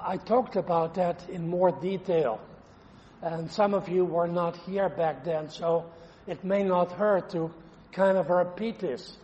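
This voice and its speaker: Man preaching a sermon, high voice, slow emphatic delivery, dull lo-fi recording with long hall reverb. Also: a little mellow. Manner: slow, emphatic scripture quoting.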